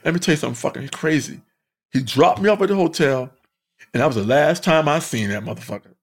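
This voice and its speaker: A man's voice: a little high, fast talker. A man, a stand-up comedian, telling road stories casually with lots of swearing and laughter. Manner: animated, profane, laughs often. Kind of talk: casual storytelling.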